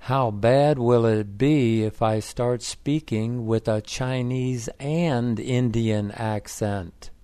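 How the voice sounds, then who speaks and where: A man reading the lines of a fed-up, stubborn wife in a flat, plain way. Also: mid-range voice, slow pace, hardly any pauses, clean tone, dry recording, lightly acted.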